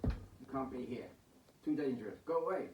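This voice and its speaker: A man's voice: medium pitch, lively intonation, moderate pace, background noise, voice pushed up, close to an everyday voice. A man voicing a terrified older village priest who pleads frantically, recorded in an echoey room from a distance. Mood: frightened.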